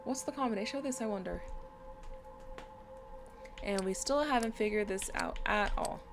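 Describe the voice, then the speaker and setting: A woman provides chatty let's-play commentary while gaming, reading out item descriptions. She speaks at medium pitch and a moderate pace, with music playing underneath.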